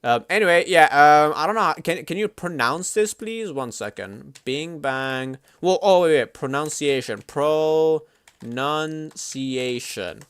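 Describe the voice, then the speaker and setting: A man streaming live at his computer, chatting casually in an excitable, slangy, swear-heavy way. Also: on the high side, normal speed, hardly any pauses, no echo, studio quality.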